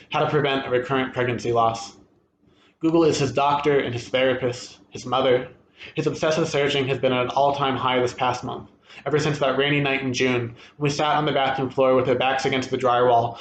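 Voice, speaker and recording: A man reading a first-person short story aloud at a literary event, steady and expressive. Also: medium pitch, lo-fi sound, a little hiss or hum. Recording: echoey room with faint ambience.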